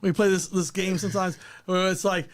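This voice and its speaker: A man's voice: high-pitched, flat delivery, fairly quick. A man from New York, a podcast guest, chatting casually and telling rambling stories with frequent laughter. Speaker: podcast guest, event producer.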